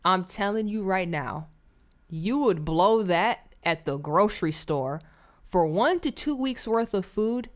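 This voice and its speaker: A woman giving blunt, scornful commentary on clips during a live stream. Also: medium pitch.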